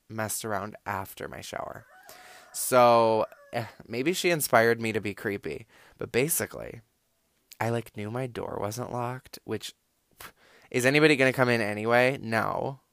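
A man's voice: on the low side, normal speed, a bit bright, no room sound. A young man telling a casual, rambling story, full of "like" and swearing. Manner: rambling, filler-heavy, profane, lots of "like".

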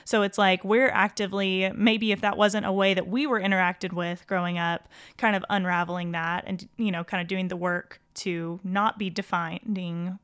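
A woman hosting a podcast, who reflects back on what her guest says in an affirming way full of soft hedges. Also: mid-range voice, fairly even intonation, normal speed, hardly any pauses, smooth. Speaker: podcast host. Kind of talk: podcast interview.

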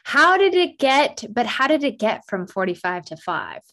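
Host: upbeat, slightly high-voiced woman, warm encouraging questions. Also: sing-song, moderate pace. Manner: enthusiastic, encouraging listener. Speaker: podcast host. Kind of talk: casual interview chat.

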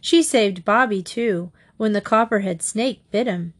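A woman's voice: medium pitch, measured pace, lightly acted. A wisecracking teenage boy, read by a woman. His lines carry a teasing, wry edge.

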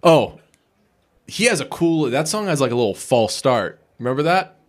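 A man's voice: medium pitch, big pitch swings, moderate pace. A man co-hosting a podcast in casual chat, rambling and profane, often laughing. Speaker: podcast co-host.

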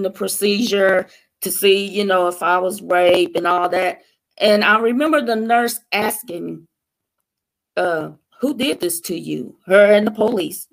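A woman's voice: mid-range voice, creaky, a bit bright. A woman sharing her personal testimony as a guest on a talk show, telling her story in an earnest, emotional way.

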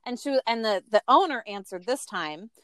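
A woman co-hosting a casual chat, telling a story with lively acted-out quotes while calling in by phone. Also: fairly high pitch, normal speed, no room sound. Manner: animated storyteller, acts out quoted voices. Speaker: co-host. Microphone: phone call.

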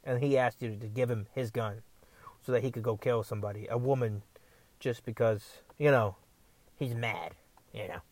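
A man's voice: medium pitch, normal speed, a little mellow, no room sound. A man rambling sarcastically to the camera from a parked car, stammering, repeating himself and swearing a lot. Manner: repetitive, stammering, frequent swearing. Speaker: vlogger.

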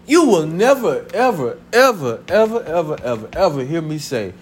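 Animated, high-pitched preaching man. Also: normal speed, slight background noise. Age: 30s. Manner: conversational preaching with laughter and acted family voices. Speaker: pastor. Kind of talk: sermon. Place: church sanctuary.

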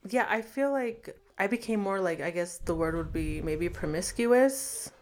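A woman's voice: medium pitch, lively intonation, unhurried, a little mellow, slight background noise. A woman frankly telling her own life story in a casual interview, with many fillers. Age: adult. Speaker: guest. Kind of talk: candid personal storytelling.

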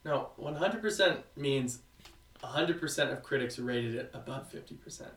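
A man co-hosting a casual podcast, talking in an animated way, laughing often and mimicking movie characters. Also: medium pitch, normal speed, reverberant, distant mic. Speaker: podcast co-host. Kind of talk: casual chat.

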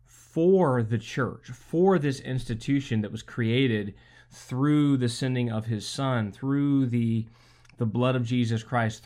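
A pastor delivering a sermon at a middle pitch. His delivery is casual and chatty, full of restarts and rhetorical asides to the listener. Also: darkish tone. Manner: conversational, many rhetorical "right?" asides.

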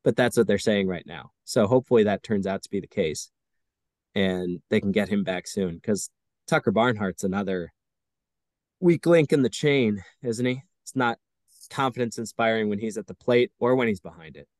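A man's voice: fairly low pitch, darkish tone, no room sound, clean studio sound. Wry chatty man hosting a podcast. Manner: wry, chatty, self-mocking. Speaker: podcast host. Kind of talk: casual baseball chat.

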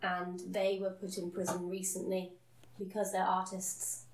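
A woman's voice: fairly low pitch, completely flat delivery, a little slow, echoey room. A woman co-hosting a podcast in casual chat, with a dry, sarcastic manner. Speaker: podcast co-host.

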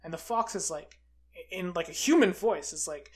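A film reviewer giving a casual, rambling recap of a movie, full of "like", who quotes characters in a flat, offhand voice. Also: mid-range voice, fairly quick, slightly rough.

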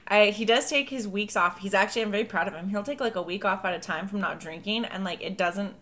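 A woman's voice: medium pitch, brisk, fairly bright tone. A woman co-hosting a podcast, chatting loosely and profanely and reading out history notes. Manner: loose, profane, jokey storytelling. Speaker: podcast co-host.

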